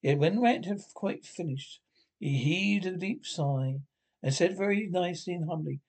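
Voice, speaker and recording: A man reading a classic storybook aloud, unhurried, with frequent stumbles and restarts. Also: sits high, a little mellow. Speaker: audiobook reader.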